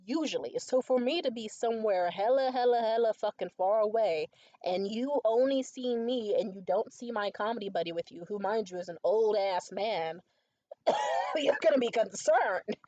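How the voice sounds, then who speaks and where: A woman's voice: on the high side, sing-song, normal speed, mellow, no echo. A tired young woman ranting in a casual monologue, profane, exasperated and rambling. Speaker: stand-up comedian. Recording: muffled lo-fi recording.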